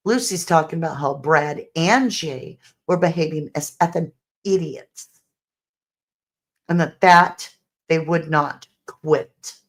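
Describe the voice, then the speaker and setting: A woman hosts true crime commentary in a low, unhurried voice. She reads out messages and poses speculative questions as she walks through the case. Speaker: true crime channel host.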